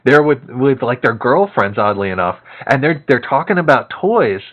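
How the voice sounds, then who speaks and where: A man casually telling a long story to a co-host, animated and laughing often, with many fillers. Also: mid-range voice, moderate pace, lo-fi sound.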